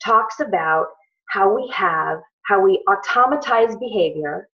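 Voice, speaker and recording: A woman's voice: mid-range voice, expressive, a little slow, pushed and bright. A middle-aged woman talking casually to her team, telling a story with many fillers and restarts. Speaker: team leader on a call. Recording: muffled lo-fi call audio.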